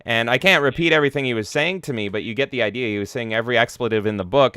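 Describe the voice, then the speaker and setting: Male host, animated storyteller, crisp voice, close and dry. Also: medium pitch, rapid-fire, hardly any pauses, dry recording. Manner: animated, swears a lot, acts out voices. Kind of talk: casual chat, storytelling.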